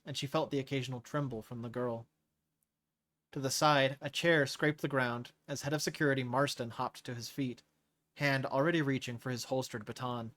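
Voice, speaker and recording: A man hosting a live reading of a novel, narrating in a measured way and rereading lines he stumbles on. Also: mid-range voice, a bit bright. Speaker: host reading a novel aloud. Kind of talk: scripted narration read aloud live.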